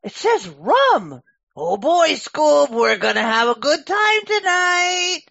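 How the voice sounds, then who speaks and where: A goofy, laid-back cartoon young man, played by a woman in an improv scene, bursting with excitable slang. The voice rides high and swings widely in pitch. The sound is dry and a bit muffled, like a video call. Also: slow, gravelly, no room sound, exaggerated voice. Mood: excited.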